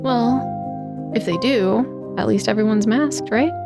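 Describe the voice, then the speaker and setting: A woman player speaking in character in a tabletop role-play, playful and quick to laugh. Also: fairly high pitch, music in the background.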